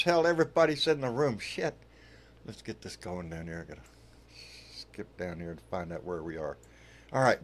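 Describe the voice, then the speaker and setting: A man hosting a casual livestream, loose and profane, calling his viewers baby. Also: mid-range voice. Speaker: livestream host.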